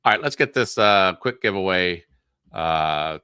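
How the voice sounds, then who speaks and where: A man's voice: deep voice, animated, a little slow, bright, forceful tone, clean tone, no room sound, studio quality. A man co-hosting a casual live stream, chatting loosely with frequent restarts and filler words. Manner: rambling, restarts with many uhs. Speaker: co-host.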